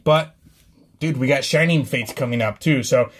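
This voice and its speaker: A man hosting a trading card opening vlog, chatty and excited, rattling off card names. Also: medium pitch, normal speed, breathy edge. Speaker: card-opening channel host.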